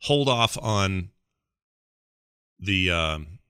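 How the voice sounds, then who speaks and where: A man's voice: low-pitched, animated, drawn-out words, bright, forceful tone, clear, resonant tone, no room sound, studio quality. A man co-hosting a podcast, chatting casually and rambling with fillers and self-corrections. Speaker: podcast co-host. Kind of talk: casual gaming chat.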